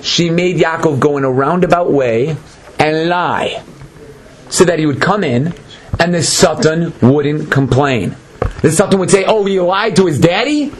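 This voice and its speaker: A man's voice: fairly high pitch, measured pace. A man teaching a Torah lesson in an emphatic, dramatic way, often acting out the people in the story. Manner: emphatic, dramatic, acts out quotes. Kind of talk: animated Torah lecture. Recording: noisy lecture recording.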